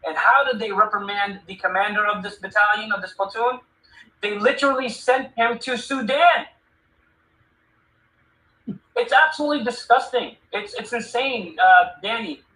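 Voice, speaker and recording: A man's voice: high voice, normal speed, bright, forceful tone. A man on a livestream panel speaking in an indignant, emphatic way. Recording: echoey room with faint ambient noise.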